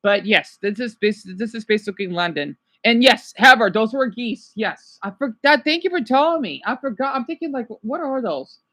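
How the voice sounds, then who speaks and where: A tired woman from the United States, casually chatting with her viewers and explaining things slowly as she watches a video with them. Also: a little high, animated, a bit bright. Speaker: livestream host.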